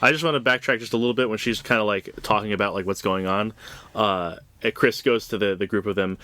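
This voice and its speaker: A man with a low voice talks through a comic bluntly, swearing freely and adding dry, sarcastic asides. He is recorded close up, and the sound is dry and dead. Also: quick pace, sharp tone, no echo. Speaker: podcast co-host. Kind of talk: casual comic book review chat.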